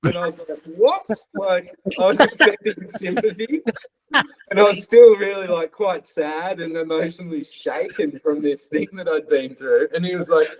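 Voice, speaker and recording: A podcast guest with a voice that sits high tells loose, casual stories at a moderate pace, swearing freely and acting out other people's lines in lively quoted voices. The audio quality is poor.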